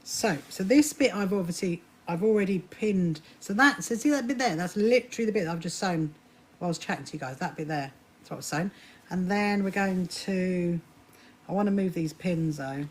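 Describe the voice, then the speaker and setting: Woman doing a sewing live, a bit low-pitched, rambly and chatty, keeps restarting sentences. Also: a little fast, a little mellow. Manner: chatty, restarts sentences, greets viewers by name. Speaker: livestream host. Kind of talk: casual live-stream chat while sewing. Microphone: phone or camera on a live stream.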